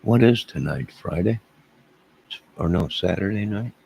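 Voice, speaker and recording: A man's voice: sits low, expressive, unhurried, gravelly, warm tone, slight background noise, rough recording. A man hosting a casual livestream, rambling and self-deprecating as he chuckles and answers viewers' chat. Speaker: livestream host.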